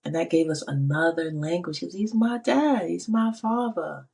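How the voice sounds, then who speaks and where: Low husky-voiced woman sharing testimony. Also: moderate pace, a little mellow. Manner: emphatic, repeats phrases, quotes God in her own voice. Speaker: faith speaker. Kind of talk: personal testimony.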